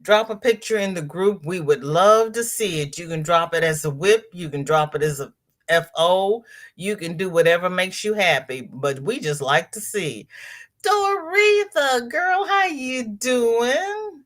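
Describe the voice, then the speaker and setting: A woman in her sixties hosting a casual crochet livestream, chatting warmly with viewers and greeting them by name as she reads the chat. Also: fairly low pitch, moderate pace. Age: 60s.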